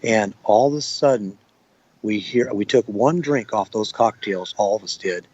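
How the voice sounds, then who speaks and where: A man's voice: fairly low pitch, unhurried, a little mellow, breathy edge, no room sound, muffled recording. A man recounting what he witnessed in an interview, plain-spoken and rambling. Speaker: eyewitness.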